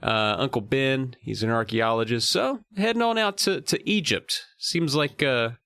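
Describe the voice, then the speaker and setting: A man co-hosting a casual podcast about a kids' horror book, jokey and animated, his voice jumping high for emphasis. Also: moderate pace, creaky, clear, resonant tone, dry recording, clean studio sound. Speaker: podcast co-host. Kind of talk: casual book-club chat.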